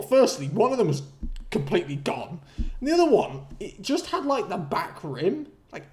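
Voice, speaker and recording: A young man ranting casually through a story to camera, swearing freely, laughing mid-sentence and jumping up in pitch when outraged. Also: a little mellow. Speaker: vlogger.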